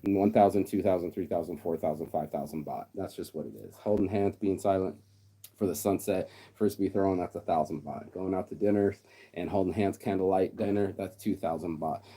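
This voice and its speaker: A middle-aged man with a deep, warm voice rants casually in a profane vlog monologue. He's blunt and mocking, frequently mimicking other people in quotes.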